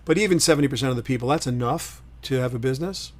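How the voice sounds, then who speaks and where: A middle-aged man hosting a solo livestream, talking in an opinionated, emphatic way, swinging between loud punchy lines and quiet asides. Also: medium pitch, very fast. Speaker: host.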